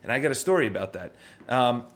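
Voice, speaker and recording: A man in his thirties with a New York accent hosts a live morning show streamed from his office, talking to his audience in a casual, energetic, motivational way. He speaks quickly at medium pitch, repeats phrases, and often restarts sentences.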